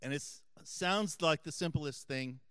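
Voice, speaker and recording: Earnest priest preaching, smooth and clear. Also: male voice, fairly high pitch, unhurried, no echo, studio quality. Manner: earnest storyteller, drops soft for emphasis. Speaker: Catholic priest. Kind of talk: preaching a homily with a story.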